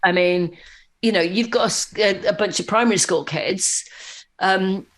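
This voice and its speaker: Woman podcast guest, animated storyteller, loose and conversational, mid-range voice. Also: mid-range voice, moderate pace. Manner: animated anecdotes with frequent fillers and restarts.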